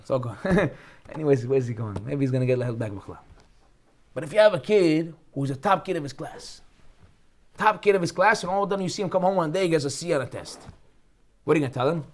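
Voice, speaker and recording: A male rabbi delivers a weekly Torah class at a quick clip. His voice sits high, and he leans hard into his points, often acting out the people he quotes. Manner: animated, emphatic, acts out quoted voices.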